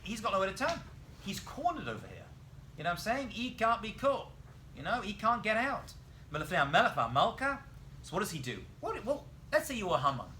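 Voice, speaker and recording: A rabbi with a high voice teaches a lively Bible lesson in a classroom at a brisk pace, animatedly telling the story and quizzing his students. There is slight background noise.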